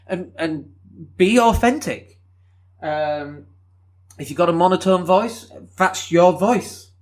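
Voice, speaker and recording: Brief: male podcaster, 30s, Leeds accent worn down by London, slightly higher voice, rambling and unpolished. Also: slow. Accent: softened Northern English (Leeds). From Leeds, England. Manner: rambling, candid, casual with mild swearing. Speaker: podcast host. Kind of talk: solo podcast monologue.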